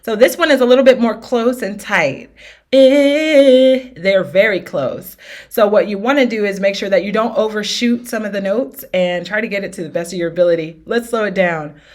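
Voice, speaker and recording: A woman's voice: medium pitch, brisk. A woman teaching an R&B singing lesson with demonstrations, upbeat and encouraging, often checking in with her students. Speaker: vocal coach.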